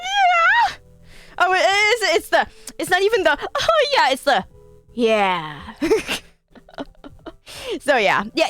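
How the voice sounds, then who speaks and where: A young adult woman streaming, chatting casually with her chat, animated, laughing and swearing freely. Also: sits high.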